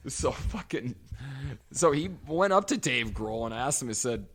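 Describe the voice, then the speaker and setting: A man co-hosting a casual podcast, telling stories in a lively, swooping voice. He swears freely and laughs a lot. His pitch sits in the middle of the range but jumps around constantly. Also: a little slow. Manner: animated storytelling, swearing, laughing often. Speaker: podcast co-host. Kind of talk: casual chat.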